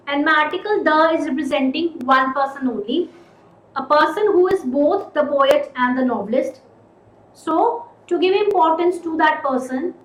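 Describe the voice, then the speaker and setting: A woman teaching a recorded grammar lesson, repeating and stressing key words slowly. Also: sits high, a bit bright, reverberant, rough recording.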